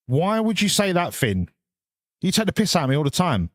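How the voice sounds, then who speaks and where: A man's voice: high-pitched, sing-song, brisk, no echo. A man streaming a game as a hobby, chatting casually and sweary with his viewers in rambling banter. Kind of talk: casual live-stream chat to viewers while gaming.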